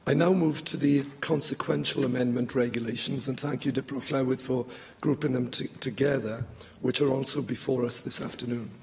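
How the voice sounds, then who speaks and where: A male minister gives a formal speech in a debating chamber. His voice is gravelly and going hoarse, and he sounds as though he is losing it. He speaks in a steady, measured way at a middling pitch. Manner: measured, formal delivery with a light joke. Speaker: government minister.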